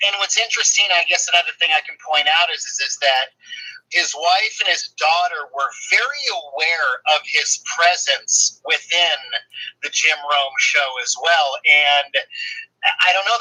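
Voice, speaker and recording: A man's voice: fairly high pitch, bright, forceful tone, poor audio. A man chatting casually as a guest, rambling with many fillers and restarts. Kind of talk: casual chat.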